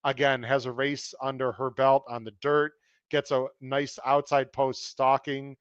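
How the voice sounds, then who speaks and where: A man chatting casually as a podcast co-host, breaking down race picks in an analytical way. His voice is smooth and resonant, recorded dry and close with a slightly dull, lo-fi tone. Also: medium pitch, level tone, unhurried, no echo. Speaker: podcast co-host handicapping horse races. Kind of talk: casual chat.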